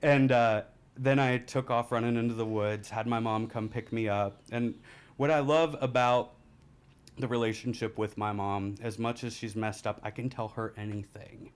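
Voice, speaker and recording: A man, a podcast guest telling a rambling, candid story and laughing through the dark parts. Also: mid-range voice, fairly even intonation, moderate pace, clean tone. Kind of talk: casual storytelling.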